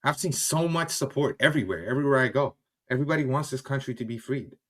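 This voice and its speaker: A man's voice: mid-range voice, fast, a bit bright. Male streamer, angry chat replies, blunt and profane, talking from his kitchen. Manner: heated, swearing, switches between English and German. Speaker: livestream host. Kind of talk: casual livestream commentary reading chat. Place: home kitchen.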